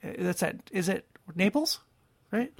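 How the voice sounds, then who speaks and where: Man, podcast co-host, casual reflective chat, gravelly voice. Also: high-pitched, lively intonation, takes it slowly. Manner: reflective, searches for words.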